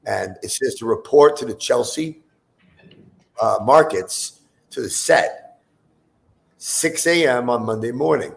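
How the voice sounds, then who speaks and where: A man's voice: mid-range voice, takes it slowly, vocal fry, pauses often. A man in his fifties, a musician guest on a chat show, telling a long story in a loose, profane way, full of fillers.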